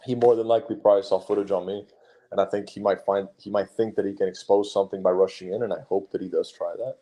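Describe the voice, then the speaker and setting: Blunt, profane fighter, low voice. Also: male voice, fairly even intonation, fast talker, warm tone. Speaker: guest fighter. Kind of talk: casual interview chat.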